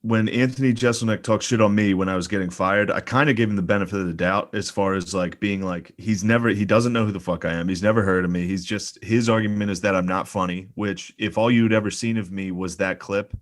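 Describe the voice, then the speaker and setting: A man's voice: lowish voice, fairly even intonation, a little fast, few pauses. A man, a comedian guest on a podcast, telling a story in a laid-back, joking way. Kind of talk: casual comedy podcast banter.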